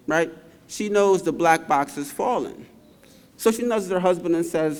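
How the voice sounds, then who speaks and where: A man delivering a commencement address, spinning a folksy fable and punctuating it with constant tag questions to keep listeners with him. His voice sits a touch high for a man. It carries the long reverb of a large hall. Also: unhurried. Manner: engaging, checks in with frequent tag questions. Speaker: commencement speaker. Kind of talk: graduation speech, storytelling.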